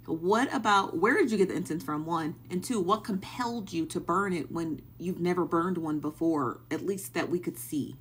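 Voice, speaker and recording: A woman's voice: fairly low pitch, normal speed, few pauses, a little hiss or hum. A woman hosting a live stream, chatting casually and asking the same baffled questions again and again while thanking viewers as they join.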